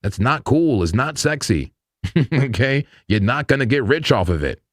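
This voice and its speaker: His voice swings widely in pitch around a medium register at a moderate pace, recorded dry and clean in a studio. The man hosts a live crypto trading stream, talking through charts in loose slang and laughing a lot.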